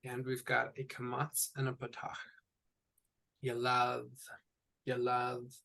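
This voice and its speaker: A man teaching a one-on-one language lesson, patiently explaining sounds and repeating each word slowly. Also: medium pitch, monotone, vocal fry, sharp tone. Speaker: Hebrew teacher. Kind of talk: tutoring session.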